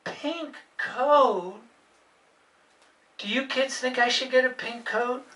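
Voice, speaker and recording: A woman voicing a cheerful, excitable young male puppet dog in a live puppet show, talking to the kids. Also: sits high, takes it slowly, pitched above the performer's own voice. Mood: hurt. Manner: bouncy, exclaiming, talks to the kids. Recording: roomy, from a distance.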